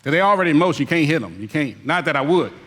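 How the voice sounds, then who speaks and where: High, bright-voiced man preaching a sermon. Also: animated, rapid-fire, big-room sound. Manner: emphatic, repetitive, rhetorical questions to the congregation; mimics lazy excuses in put-on voices. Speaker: elder preaching.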